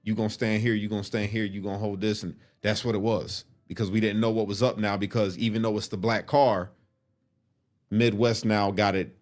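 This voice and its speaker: A man casually retelling a personal story to the camera in blunt, animated street slang. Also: lowish voice, a little fast.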